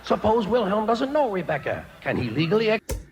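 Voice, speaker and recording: Sardonic stand-up comic, live stage recording. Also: male voice, high-pitched, very animated, a little fast, noisy background. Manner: wry, sardonic delivery. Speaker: stand-up comedian. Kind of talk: stand-up comedy routine. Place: stage before a laughing audience.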